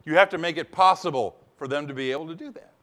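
A man preaching a sermon, animated, with playful asides and slow, weighty emphasis on key phrases. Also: on the high side. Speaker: pastor.

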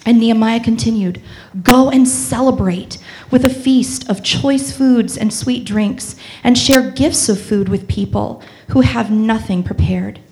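A woman reading a scripture passage aloud in church, measured and solemn. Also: on the high side, a little mellow, rough recording. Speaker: scripture reader.

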